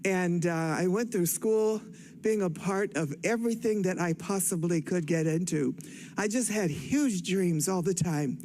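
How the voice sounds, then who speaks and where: An older woman from Cleveland, Ohio, out of breath and excited, telling her life story in a rambling, self-correcting way on stage. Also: lowish voice, unhurried. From Cleveland, Ohio, USA. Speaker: guest speaker on stage. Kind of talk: personal storytelling speech.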